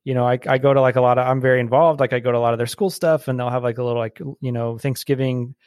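Man in his thirties, mid pitch, laughs a lot, lots of fillers, dry close recording. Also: very fast, no echo. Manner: animated storyteller, laughs often, many fillers. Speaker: podcast guest, brewery employee. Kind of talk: casual podcast conversation.

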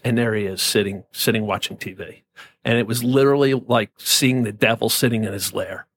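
A man's voice: lowish voice, a little fast, a bit bright, breathy edge. A man from New Jersey telling a personal story as a podcast guest, intense and profane, often stammering and repeating words.

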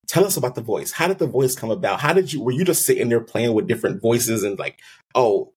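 A man's voice: medium pitch, lively intonation, quick pace, a little mellow, breathy edge. A man hosting a podcast, easygoing and asking long, rambling questions. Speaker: podcast host. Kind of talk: casual interview chat.

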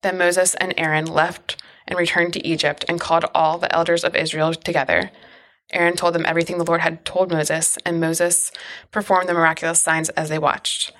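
Low, flat-voiced woman reading scripture. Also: normal speed. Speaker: scripture reader.

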